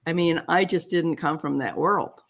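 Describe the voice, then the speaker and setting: Older woman, interview guest, animated, acts out both sides of dialogue. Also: low voice, normal speed, gravelly. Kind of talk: storytelling in an interview.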